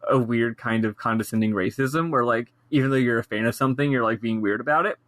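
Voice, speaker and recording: A podcast co-host telling stories in an animated, expressive way. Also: female voice, very deep voice, quick pace, no room sound, studio quality. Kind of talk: casual podcast chat.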